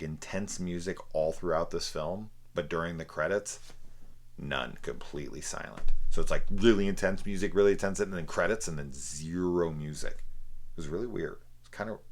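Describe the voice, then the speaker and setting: A man's voice: low voice, gravelly. A young man casually reviewing a film, rambling, swearing freely and laughing at how silly it is. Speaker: movie reviewer.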